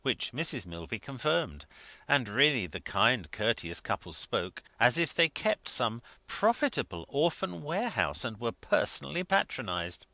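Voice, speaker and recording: A man narrating a classic novel as an audiobook, in measured, expressive storytelling. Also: medium pitch, gravelly, dry recording.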